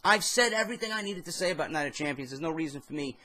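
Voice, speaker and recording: A man's voice: a little high, rapid-fire. A young man with a New York accent, tired after a few beers, ranting casually and profanely to camera at home late at night about wrestling. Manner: profane, animated, rambling. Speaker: wrestling vlogger. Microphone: camera mic.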